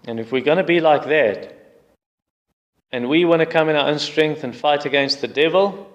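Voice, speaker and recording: A man's voice: a little high, moderate pace, highs cut off. A man preaching a sermon in an earnest, explanatory way.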